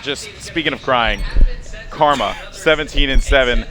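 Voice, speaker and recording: A man's voice: medium pitch, unhurried, pushed and bright. A man casting a competitive shooter match, chatting and joking between plays with his co-caster. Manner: chatty, jokey, quotes players in put-on voices. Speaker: esports caster. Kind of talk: play-by-play commentary. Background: game gunfire and faint music.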